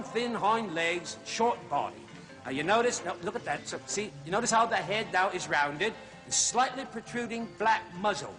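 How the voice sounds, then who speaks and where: A man's voice: high-pitched, fairly bright tone. An actor playing a chattering, chuckling male zookeeper who hosts zoo films, a little out of breath, in a TV comedy sketch. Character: jolly blustering male zookeeper safari host. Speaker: zoo film host.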